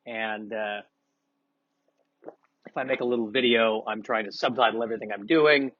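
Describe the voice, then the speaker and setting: Sniffly male comic rambling, self-mocking, mid pitch, dry slightly muffled sound. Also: a bit bright, dry recording. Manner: self-deprecating, rambling with many restarts. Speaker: comedian vlogger. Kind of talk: casual rambling monologue.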